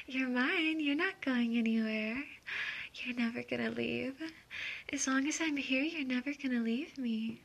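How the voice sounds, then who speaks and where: A woman's voice: fairly high pitch, slow pace, fairly bright tone, husky. A young woman in a whispered role-play, speaking in a teasing, dominant way with murmured uh-huhs and giggles. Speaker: audio role-play performer.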